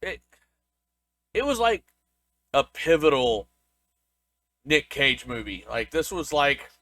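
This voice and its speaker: A man's voice: a little high, big pitch swings, takes it slowly, pushed and bright, no echo. A young man co-hosting a podcast, chatting loosely, laughing and often restarting his sentences. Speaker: podcast co-host. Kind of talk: casual chat.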